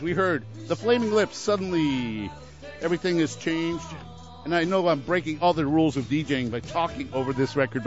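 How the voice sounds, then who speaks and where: A young man from New Haven, Connecticut, hosting a radio show with rambling, jokey patter and bursts of singing along. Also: on the high side. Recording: dull lo-fi radio audio. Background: clear music.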